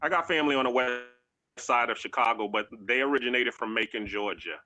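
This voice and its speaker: A man's voice: mid-range voice, fairly quick, pushed and bright. A man speaking matter-of-factly in a casual group chat.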